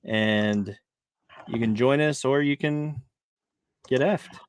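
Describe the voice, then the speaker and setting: Slow, rambling man at his desk. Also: mid-range voice, clean tone, no echo. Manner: rambling, many fillers and restarts, laughs easily. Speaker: podcast co-host. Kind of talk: casual chat.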